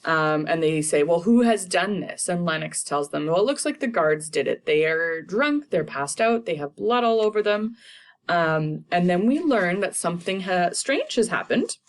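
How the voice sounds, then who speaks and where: A woman's voice: fairly low pitch, expressive, normal speed, few pauses. A young woman teacher casually summarizing a play for students, paraphrasing the characters in modern slang.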